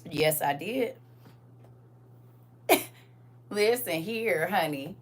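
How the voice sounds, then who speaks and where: A woman's voice: lowish voice, extremely slow. A grandmother hosting a casual livestream, talking sassily and directly to her viewers from her phone. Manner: sassy, animated, talks straight to viewers.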